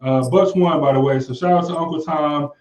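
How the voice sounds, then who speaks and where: A man with a slightly higher voice co-hosts a casual podcast, reading viewer comments in a laid-back, repetitive way. His voice carries a noticeable room echo. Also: steady tone, fairly quick, muffled recording, noisy background. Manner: laid-back, repeats himself, trails off with "like". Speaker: podcast co-host.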